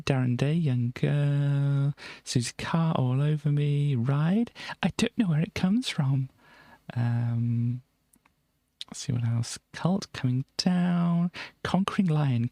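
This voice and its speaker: A woman's voice: low-pitched, dark tone, dry recording. A woman hosting a livestream, chatting casually as she reads out old music charts, rambling and chuckling with many ums and self-corrections. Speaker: livestream host.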